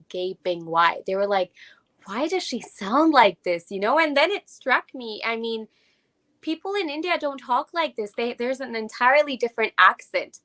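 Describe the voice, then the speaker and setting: A woman's voice: mid-range voice, pushed and bright. A young woman raised in Japan, speaking with an American accent, telling a personal story as an interview guest and reflecting aloud with many fillers.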